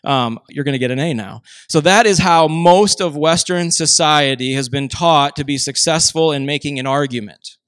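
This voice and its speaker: A man from Minnesota, preaching a sermon in an animated, storytelling way with rhetorical asides. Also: a little high, normal speed, few pauses, no echo. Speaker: pastor.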